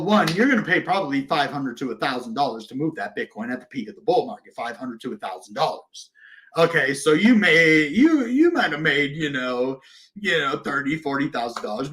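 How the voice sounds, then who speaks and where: A man hosting a crypto channel who talks to viewers in a casual, passionate way, often jumping from loud bursts to quiet asides. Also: a little high. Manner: excited, passionate, swings between loud and quiet. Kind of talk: casual livestream talk.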